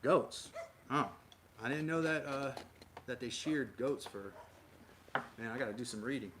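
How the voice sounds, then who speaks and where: A man from Minnesota runs a casual livestream, reading and answering viewer comments aloud in a meandering way with frequent fillers and restarts. His mid-range voice moves at a measured pace. Clicks and loud background noise are audible throughout.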